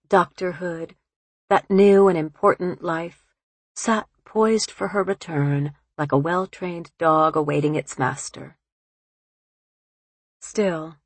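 A woman reading literary fiction aloud in a calm, unhurried narration on a close studio mic. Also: low-pitched, breathy edge, no echo. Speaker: audiobook narrator.

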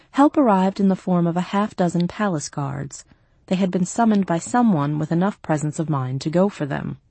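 A woman reading a fantasy story in steady scripted narration, close to the mic. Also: on the low side, moderate pace, husky, no room sound. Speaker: audiobook narrator.

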